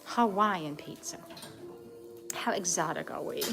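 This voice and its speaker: A woman's voice: on the low side, a little slow, music in the background. Woman in a mock Southern drawl. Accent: put-on Southern American drawl. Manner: teasing, mock-genteel, sing-song. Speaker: co-host. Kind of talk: playful live cooking chat. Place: home kitchen.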